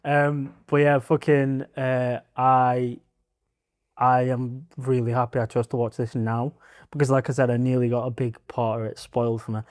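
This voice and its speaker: A man chatting casually as a podcast co-host, animated and quick to swear and laugh. His voice sits at an everyday middle pitch. It's recorded dry and close, with almost no room sound. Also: no echo. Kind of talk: casual chat.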